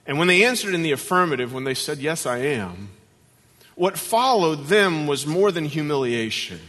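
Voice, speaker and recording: A man preaches in an animated storytelling style, his voice bright and sharp and a little high. The sound rings with the long reverb of a large church sanctuary. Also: a little fast. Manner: animated, acts out voices in stories. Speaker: guest pastor. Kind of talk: sermon with storytelling.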